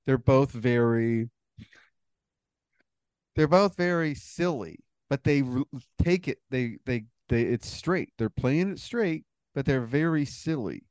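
A man's voice: mid-range voice, animated, takes it slowly, a little mellow, smooth, no echo, studio quality. A man co-hosting a podcast in casual chat, joking and rambling with restarts. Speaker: podcast co-host.

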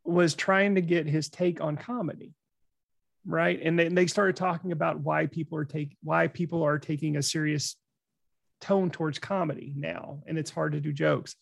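A man co-hosting a podcast, telling a lively anecdote in casual chat and laughing often. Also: a little high, no echo. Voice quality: gravelly. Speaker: podcast co-host.

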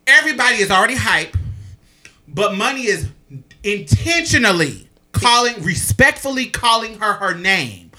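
A young man telling a story in casual chat, animated and profane, with loud exclamations. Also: high-pitched, unhurried.

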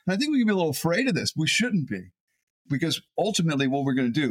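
A man, a pastor, preaching a sermon in an animated way, often repeating words as he builds a point. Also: a little high, racing, breathy edge.

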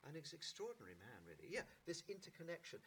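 A middle-aged actor telling anecdotes in an interview, in a lively raconteur's manner with halting restarts. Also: male voice, on the high side, slight background noise. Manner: animated raconteur, mimics voices, halting restarts. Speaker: actor guest.

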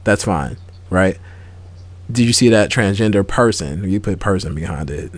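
A man's voice: sits low, expressive, normal speed, dry recording. Earnest man explaining, dry sound. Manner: earnest, explaining patiently, many restarts. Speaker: podcast co-host. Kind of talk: casual chat.

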